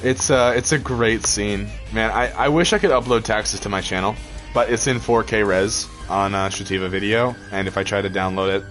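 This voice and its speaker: A man's voice: fairly low pitch, moderate pace, a bit bright, faint music behind. A man chatting casually over gameplay, rambling through a story with lots of fillers and laughs. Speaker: gaming channel host.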